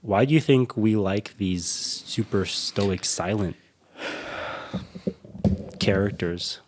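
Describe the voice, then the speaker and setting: A man's voice: on the low side, slow pace. A young man co-hosting a podcast, chatting casually about a film and giving his opinions. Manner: opinionated, talks over partner, frequent "in my opinion". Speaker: podcast co-host. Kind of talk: casual film review chat.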